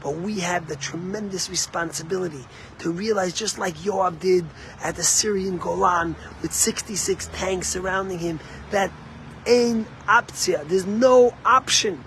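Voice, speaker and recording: Man, rabbi, sermon; fairly high-pitched, impassioned, climbs to emphatic peaks. Faint room hum and passing traffic under the voice. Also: steady tone, normal speed, creaky, few pauses, fairly bright tone, low-quality recording. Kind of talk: sermon with storytelling.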